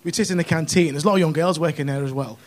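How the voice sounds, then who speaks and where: A middle-aged man with a northwest English accent performs a stand-up set on a comedy club stage. His voice sits fairly high for a man. He talks in a chatty, cheeky way and keeps checking in with tag questions. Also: racing. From Runcorn, northwest England.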